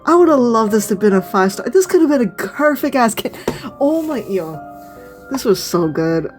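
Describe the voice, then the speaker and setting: A young woman streamer giving an excited, gushing reaction, swearing and stumbling over her words. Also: fairly high pitch, moderate pace, faint music behind. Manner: gushing, swearing, frequent laughs.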